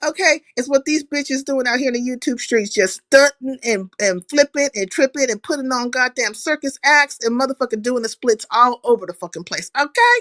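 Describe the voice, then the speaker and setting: A woman hosts a casual livestream, her voice pitched high. She curses freely, shouts out viewers by name and tells the chat about online drama. The sound is close and dry. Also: fairly quick, hardly any pauses, dry recording. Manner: profane, animated, greets chat viewers by name. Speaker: livestream host.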